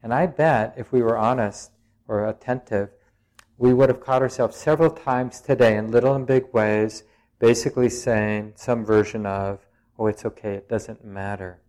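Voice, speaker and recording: Reflective man giving a dharma talk. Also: medium pitch. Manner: reflective, searching phrasing with frequent pauses; plain-spoken and gently humorous. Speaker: meditation teacher.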